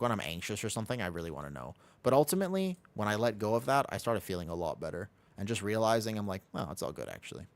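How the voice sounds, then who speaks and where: Man, American, slightly low voice, casual gaming stream chat, rambling, hums, desk mic. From United States. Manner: rambling and chatty, hums to himself. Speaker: live streamer.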